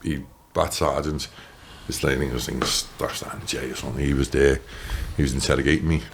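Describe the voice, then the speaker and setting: A man in his thirties with a Liverpool accent, telling his story as a podcast guest, animated and swearing, acting out what others said. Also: a bass voice, brisk, creaky, slight background noise. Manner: animated, swears, acts out quotes. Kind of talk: casual storytelling.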